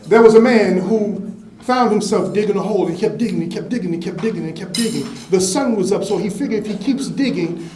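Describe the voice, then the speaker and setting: At an indoor banquet, a fraternity member speaks into a handheld microphone to introduce an award recipient, telling a parable and repeating phrases emphatically to build momentum. His voice is high, mellow, and fairly quick, and the hall sounds echoey with faint background noise.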